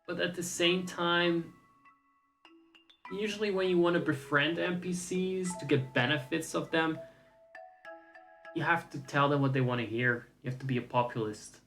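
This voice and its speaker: A man's voice: fairly high pitch, unhurried, long pauses, a bit bright, faint music behind, low-quality recording. A man streaming a game, casual commentary, wry and profane with rambling asides.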